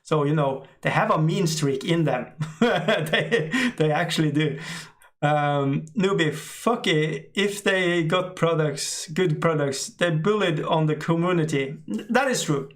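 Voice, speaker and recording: This is a middle-aged man speaking English as he hosts a relaxed stream and reads the chat, hesitant, filler-heavy, and often laughing. His pitch runs fairly high.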